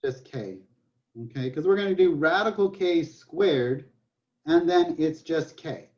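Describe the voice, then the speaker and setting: Guy prof teaching math over a video call, kinda high voice, jokey and rambly, muffled lo-fi audio. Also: lively intonation, measured pace. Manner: joking, storytelling, chatty with restarts. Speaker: math professor. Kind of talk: online class lecture. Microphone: computer mic on a video call. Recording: dull lo-fi online class audio.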